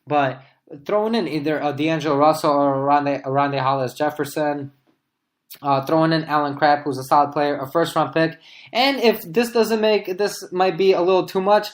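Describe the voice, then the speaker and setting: A man co-hosting a sports podcast, thinking aloud in casual debate as he pitches hypothetical trades. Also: fairly even intonation, normal speed. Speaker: podcast co-host.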